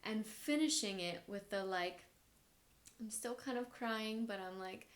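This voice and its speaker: A young adult woman hosting a podcast, telling a personal story in a candid, reflective way with soft laughs. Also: medium pitch, unhurried. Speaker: podcast host.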